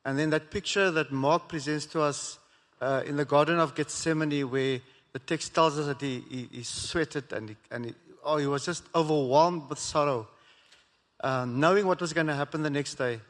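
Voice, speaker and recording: A man speaking as a guest in a live stage conversation, earnest and halting, with many restarts. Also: fairly high pitch, steady tone, a bit bright. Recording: echoey hall.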